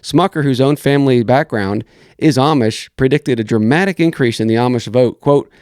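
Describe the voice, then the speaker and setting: Man with a smooth, dry voice. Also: medium pitch, normal speed, a little mellow, dry recording. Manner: critical, reads articles aloud with frequent restarts. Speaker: podcast host. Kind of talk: political commentary podcast.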